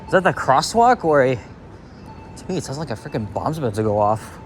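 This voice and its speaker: A man's voice: mid-range voice, very animated, fairly quick. A man casually narrating while he walks a city street at dawn, rambling with lots of fillers and the odd swear word, recorded on a handheld camera mic. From Canada. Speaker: walking vlogger. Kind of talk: casual walking commentary. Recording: faint street noise outdoors.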